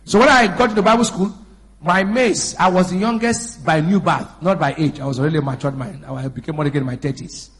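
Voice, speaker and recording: A man in his fifties preaching a sermon in church, swinging between shouted exhortation and chatty storytelling. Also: fairly high pitch, brisk, breathy edge. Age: 50s. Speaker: pastor.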